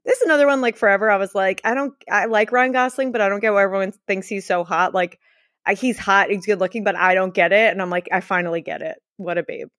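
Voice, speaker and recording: A woman's voice: medium pitch, fast talker, a bit bright, no echo. Woman podcast co-host, casual and gushing, dry close recording. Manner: chatty, gushing, swears freely. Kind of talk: casual chat.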